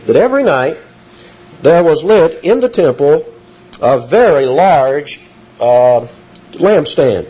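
A man's voice: mid-range voice, dark tone, husky. A man preaching an expository sermon in an earnest teaching tone, rising in emphasis on key phrases. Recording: dull lo-fi recording.

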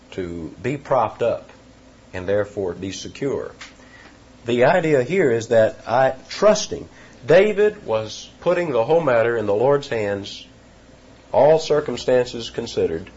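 A male preacher works through a scripture passage verse by verse, driving his points home with repetition. His voice sits at a middle pitch. The recording sounds dull and lo-fi, with a faint hiss underneath. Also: darkish tone. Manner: teaching verse by verse, emphatic repetitions. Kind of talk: expository sermon.

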